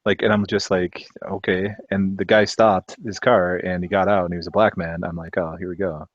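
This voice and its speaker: A man's voice: low voice, flat delivery, normal speed, no room sound. A man telling a personal story in casual chat, hesitant, with many restarts and offhand swearing. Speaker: discussion participant. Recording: dull, muffled mic.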